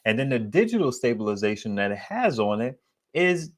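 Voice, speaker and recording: A man with a deep, bassy voice chatting casually to his viewers about solar gear, rambling and slangy. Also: very animated, fast talker. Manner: rambling, digressive, slangy and candid. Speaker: solar equipment YouTuber. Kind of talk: casual vlog chat.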